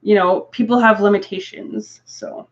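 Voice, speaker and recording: A woman from Canada talks at a moderate pace, her medium-pitched voice fairly even in intonation. It's casual live chat on a craft stream, full of rambling asides and frequent laughter. The sound is dull and lo-fi.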